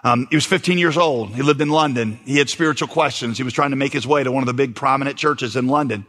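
A man's voice: mid-range voice, fast talker. Fervent male preacher in a reverberant hall. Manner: emphatic preaching, rising to shouts on key points. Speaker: pastor. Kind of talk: sermon.

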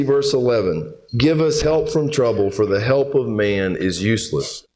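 A man's voice: mid-range voice, a little mellow. A man preaching a sermon as pastor, reading scripture aloud and asking the congregation direct questions in a conversational way.

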